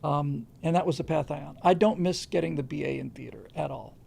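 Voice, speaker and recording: A man's voice: a little high, brisk, gravelly, warm tone, husky. A man hosting a livestream, answering viewer questions in casual, rambling talk with frequent restarts. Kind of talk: casual unscripted commentary.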